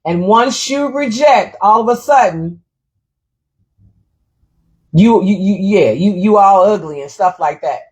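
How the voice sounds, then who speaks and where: A middle-aged woman hosting a casual livestream, telling a story in an animated, indignant way and reading viewer comments aloud. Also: medium pitch, measured pace, pauses often. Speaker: livestream host.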